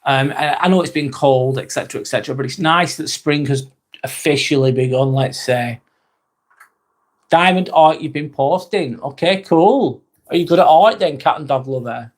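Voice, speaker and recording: A man in his forties chats loosely through a live stream, his voice sitting a touch high. He rambles from one viewer comment to the next, with plenty of fillers and the odd casual swear word. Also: moderate pace. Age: 40s. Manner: rambling and chatty, with frequent fillers and mild swearing.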